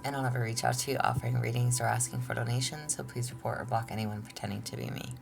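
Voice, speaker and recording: Chatty low-voiced woman tarot reader. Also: fairly even intonation, fast talker, vocal fry, over music. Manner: chatty, laughs often, says y'all. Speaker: tarot reader, channel host. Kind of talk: casual tarot reading. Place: home.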